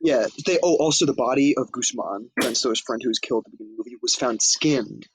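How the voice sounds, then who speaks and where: A man's voice: mid-range voice, quick pace, noisy background. A man co-hosting a podcast, casually recapping a comedy film in a loose, profane way and acting out quoted lines. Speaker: podcast co-host. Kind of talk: casual movie recap chat.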